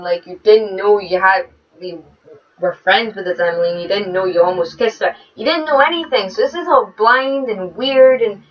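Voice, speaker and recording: A woman's voice: fairly high pitch, muffled recording. A young woman playing a story game, reading its chat dialogue aloud and commenting bluntly with plenty of swearing. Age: young adult. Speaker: let's play gamer.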